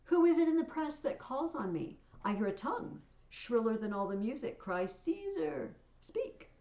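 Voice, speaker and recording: A woman reading aloud as a commanding male Roman ruler, proclaiming his lines loudly. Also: sits high, big pitch swings, moderate pace, echoey room, lo-fi sound, voice pushed up. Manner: loud, proclaiming, theatrical.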